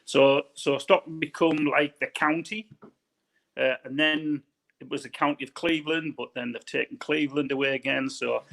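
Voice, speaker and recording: A man's voice: a little high, steady tone, moderate pace, creaky, fairly bright tone. A man from northern England with a northern English accent, chatting casually as an interview guest and rambling with repeated words.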